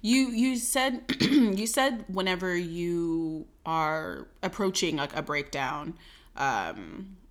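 A woman interviewing a guest in a casual chat, asking friendly questions with animated asides and laughs. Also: lowish voice, slow.

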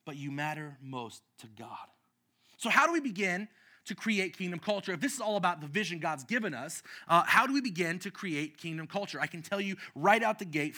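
A man preaching a sermon and telling personal stories. He speaks with passion, swinging from shouts to hushed tones, with many restarts. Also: high-pitched. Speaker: pastor.

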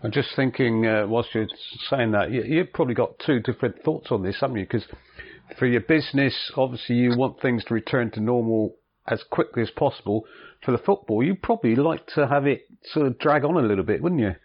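A man hosts a relaxed podcast chat and asks his questions with a light, teasing edge. The sound is muffled and lo-fi. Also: mid-range voice, fairly quick, breathy edge. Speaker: podcast host, interviewer. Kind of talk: casual interview. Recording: dull lo-fi sound.

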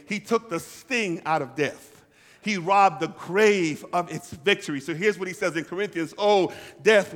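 A man's voice: sits high, fairly bright tone, long reverb tail. A pastor preaching a sermon to his congregation, calling for responses and repeating lines for emphasis. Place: church hall.

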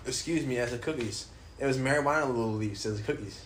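A podcast host chats casually from an apartment room, wandering off topic and cursing freely. He has a mid-range voice at a moderate pace, with a little background noise audible.

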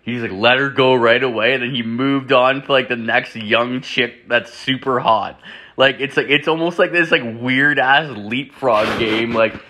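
A man's voice: medium pitch, measured pace, pushed and bright. A young man hosting a podcast, telling a rambling story full of swearing and "like" fillers. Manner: profane, rambling, heavy on "like" fillers. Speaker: podcast host. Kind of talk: casual storytelling.

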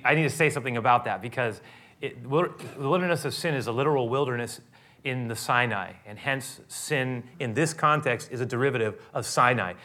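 A man preaching a sermon in a conversational way, often rising into animated, loud outbursts. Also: mid-range voice. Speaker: pastor.

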